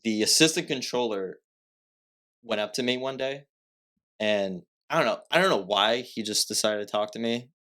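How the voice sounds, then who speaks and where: A man's voice: fairly low pitch, normal speed, bright, forceful tone. A young man from Massachusetts, a podcast guest, telling a story in casual chat, rambling with lots of filler words and self-corrections.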